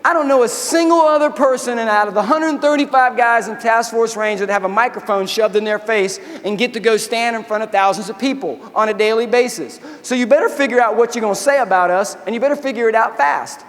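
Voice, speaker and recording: A man's voice: very high voice, fairly quick, hardly any pauses, fairly bright tone, in a large hall. A man voicing a blunt male army buddy who urges a friend with tough advice. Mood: urging. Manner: blunt, urging.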